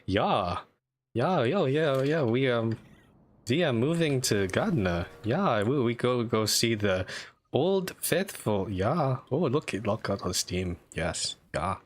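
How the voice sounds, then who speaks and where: A man's voice: mid-range voice, very animated, slow, voice pushed up. A man doing a playful, exaggerated mock German accent as a cheery male tourist who keeps repeating "yeah".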